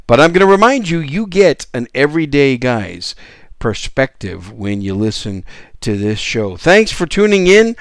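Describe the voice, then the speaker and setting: A man's voice: mid-range voice, smooth, dry recording, clean studio sound. A man hosting a solo podcast, talking in an enthusiastic, conversational way with frequent restarts. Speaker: podcast host.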